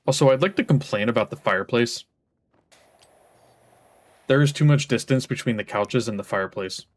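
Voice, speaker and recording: A man's voice: medium pitch, moderate pace. A man chatting during a game stream who keeps breaking off to scold and coax his pets. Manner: scolds his pets between chat, firm then coaxing. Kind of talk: casual chat.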